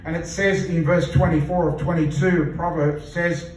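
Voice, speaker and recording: A man preaching a sermon as pastor, earnest and repeating phrases for emphasis, slowing down to read scripture. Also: fairly high pitch, steady tone, darkish tone. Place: church hall. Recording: echoey church hall from far off.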